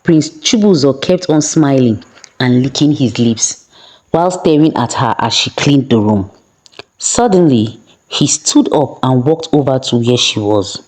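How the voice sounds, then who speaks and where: A woman storyteller narrating a folktale in a steady, plain way with the odd small restart. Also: very deep voice, unhurried, low-quality recording.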